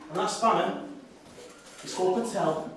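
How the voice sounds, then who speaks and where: A man's voice: sits high, normal speed, fairly bright tone, a little hiss or hum. A man playing a brash, bigoted nationalist party leader, swearing and bossing audience volunteers around on stage. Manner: crude, swearing, bossy crowd-work. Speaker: comedy stage performer. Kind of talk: live character comedy with audience volunteers. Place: stage in a hall before an audience. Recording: echoey hall, voice from far off.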